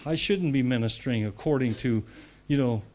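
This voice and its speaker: Fairly quick and medium-pitched, an American man's sermon to church leaders mixes conversational asides with repeated phrases. His emphatic delivery rises to loud declarations.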